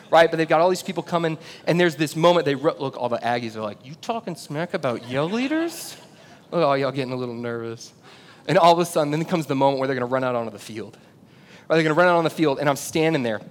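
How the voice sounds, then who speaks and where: A male pastor giving a sermon, telling a story with big swings from loud shouts to low, quiet emphasis. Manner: animated storytelling, builds to shouts then drops low and intimate. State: out of breath. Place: church auditorium. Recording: long hall reverb, faint rumble.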